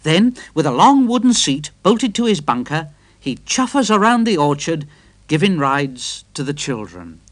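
Give me a man reading a children's story slowly and expressively. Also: on the high side, very animated, a bit bright, dry recording.

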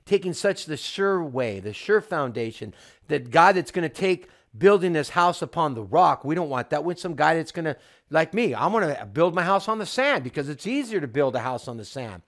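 A man delivers a sermon with fervent, insistent conviction. His voice sits high and swings widely as he hammers home repeated phrases. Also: a bit bright. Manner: fervent, repetitive preaching with emphatic refrains. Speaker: home church teacher.

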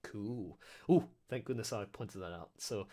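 A man's voice: fairly low pitch, a little slow. A man hosting a live stream over a voice call, chatting casually and sounding mentally exhausted. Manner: chatty, animated, self-interrupting. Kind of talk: casual chat.

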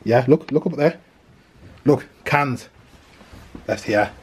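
A man's voice: mid-range voice, slow, slight background noise. A British man vlogging with his family, teasing and joking on a handheld camera. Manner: teasing, jokey, bantering. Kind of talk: casual family vlog.

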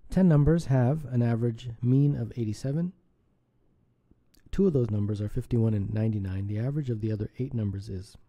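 A man tutors math in a casual, thinking-aloud manner, correcting himself with a small laugh. His voice is deeply mellow and dark, at an ordinary middle pitch. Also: a little fast. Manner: casual, self-correcting, chuckles at slips. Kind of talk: solving contest problems aloud.

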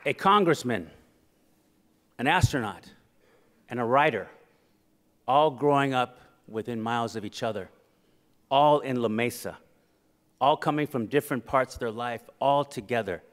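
A man's voice: mid-range voice, moderate pace, pauses often. Middle-aged guy doing a funny keynote, acts out voices, big echoey hall. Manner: animated, acts out quoted voices for laughs. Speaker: keynote speaker. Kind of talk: humorous storytelling speech. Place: conference hall. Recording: reverberant hall.

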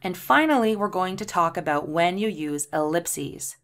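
Brief: woman tutor, lower-pitched voice, patient step-by-step explaining. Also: expressive, moderate pace, fairly bright tone. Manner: explanatory, reads example sentences aloud spelling out punctuation. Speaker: transcription tutor. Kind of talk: screen-share tutorial.

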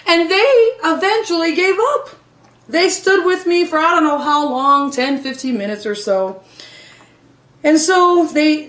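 High-voiced woman evangelist, echoey room. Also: distant mic. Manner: emotional storytelling, dramatic swings from loud to hushed. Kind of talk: testimony sermon.

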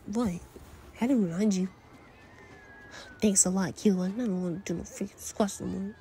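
A woman's voice: mid-range voice, normal speed, pauses often, mellow, a little hiss or hum. A woman performing a casual fan role-play audio drama, trading slangy, teasing banter as she voices several friends.

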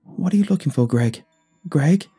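A man's voice: expressive, normal speed, warm tone, husky, faint music behind. A man doing a frantic young woman colleague. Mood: pleading. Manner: worried, pleading, high-pitched.

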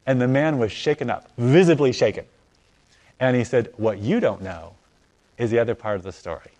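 Speaking at a moderate pace, a male guest recounts his testimony with lively, theatrical energy. His middle-pitched voice rises loud and high, then sinks to a hush as he plays both parts of the dialogue.

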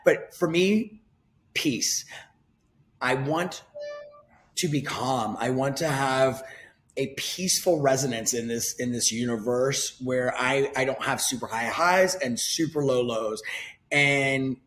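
A man in his forties talking openly as an interview guest, emphatic and quick to swear. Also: mid-range voice, fairly bright tone. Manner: candid and emphatic, swears freely. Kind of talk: casual conversation.

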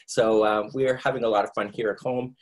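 A man's voice: steady tone, fast. A middle-aged man from Nova Scotia with a Canadian accent, hosting a live online crochet class from home in a jokey, rambling way. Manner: jokey, rambling, breaks into squeaky put-on voices.

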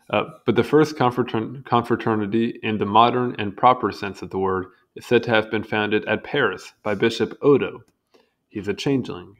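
A young man reads an encyclopedia entry aloud at an easy, casual pace, his voice sitting a little low. He trips over unfamiliar words and breaks off now and then for wry little comments. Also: a bit bright. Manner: stumbles over hard words and comments wryly. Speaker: reader.

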